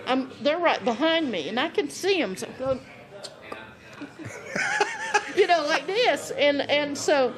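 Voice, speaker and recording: A woman guest on a podcast, telling a lively anecdote and acting out the scenes she describes, often breaking into laughter. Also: sits high, measured pace, long pauses. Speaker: podcast guest, animal wrangler. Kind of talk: casual storytelling.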